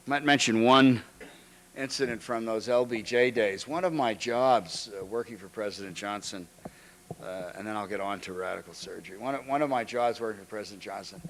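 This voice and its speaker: An older man giving an anecdotal lecture, halting often, restarting phrases and clearing his throat. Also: fairly low pitch. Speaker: guest lecturer. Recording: archival lecture recording.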